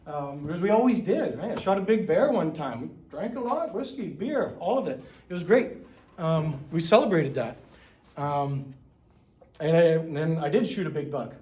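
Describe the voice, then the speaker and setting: A man's voice: high voice, rough recording. A middle-aged man giving a casual, conversational talk to a men's church group, often asking "right?" and restarting his sentences. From Pennsylvania. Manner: informal, frequent "right?" and "um", self-restarts. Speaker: guest speaker at a men's church gathering. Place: church meeting room.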